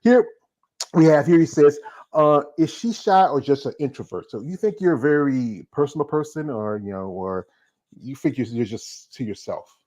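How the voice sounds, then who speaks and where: A man's voice: mid-range voice, expressive, moderate pace, a little mellow. A man in his forties from North Carolina, hosting a casual interview, rambling and repeating words as he talks. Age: 40s. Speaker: interview host. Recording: dull lo-fi sound.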